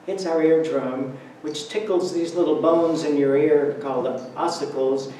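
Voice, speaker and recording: A man speaks from the front of a church, his mellow voice carrying through a very echoey hall. He sits a little high for a man and stands some way off the mic. He talks in a chatty, humorous storytelling way, with a faint hum of the room behind him. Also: fairly even intonation, a little slow, recorded from a distance. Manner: conversational, humorous storytelling with laughs. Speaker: speaker giving a Sunday talk. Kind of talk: church talk. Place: church sanctuary.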